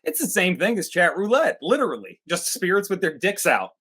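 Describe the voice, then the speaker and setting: A man co-hosting a casual movie review chat, making quick, profane wisecracks. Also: sits high, sing-song. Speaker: co-host of a movie review show. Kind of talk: casual chat, joking commentary.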